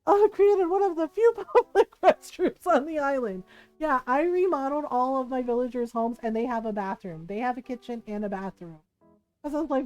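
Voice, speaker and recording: A woman's voice: high voice, brisk, lo-fi sound, soft background music. A woman streaming games live, chatting casually and laughing often as she acts out a friend's lines. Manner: animated, laughing, acting out quoted friends. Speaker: variety streamer.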